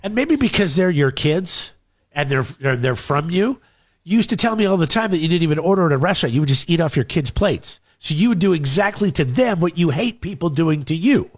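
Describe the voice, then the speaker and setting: A man's voice: on the high side, animated, brisk. A man in casual banter as a co-host, teasing and asking probing questions.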